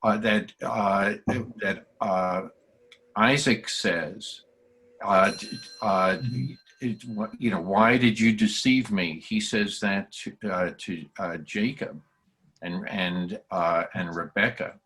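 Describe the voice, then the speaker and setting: Man leading text study, low-pitched, very slow, halting with many fillers. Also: fairly even intonation, bright, forceful tone. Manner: hesitant, many fillers and restarts. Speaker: study group leader. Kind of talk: halting Torah study discussion.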